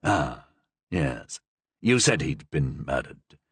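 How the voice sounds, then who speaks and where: A man voicing a shrewd, guarded older male cardinal in a storybook reading, speaking slowly and probingly. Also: rumbling low, sing-song, breathy edge, dry recording, pitched below the performer's own voice, heavily acted. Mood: measured.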